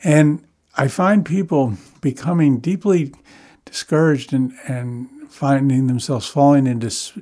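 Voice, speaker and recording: A man in conversation with another musician, speaking in a measured, thoughtful way about big ideas. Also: mid-range voice, warm tone. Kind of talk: conversational reflection.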